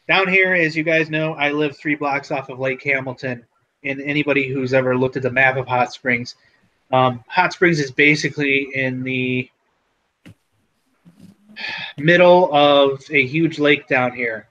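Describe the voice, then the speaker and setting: A man's voice: fairly high pitch, sharp tone, highs cut off. A man from the Chicago area with a local accent, co-hosting a casual livestream and chatting with viewers by name. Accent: Chicago-area Midwestern. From Chicago area, Illinois. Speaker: co-host of a livestream.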